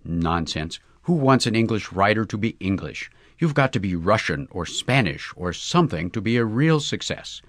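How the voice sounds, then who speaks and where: A man's voice: fairly low pitch, big pitch swings, moderate pace, few pauses, a bit bright, no room sound, clean studio sound. A man voicing an ambitious young woman with a cool, scornful manner.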